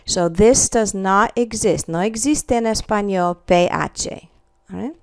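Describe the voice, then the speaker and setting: A woman gives a Spanish pronunciation lesson at a deliberately slow pace, repeating each example word with care. She keeps checking in with "okay" and "all right". Her voice sounds dry and close. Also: medium pitch, clean tone, dry recording. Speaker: Spanish teacher.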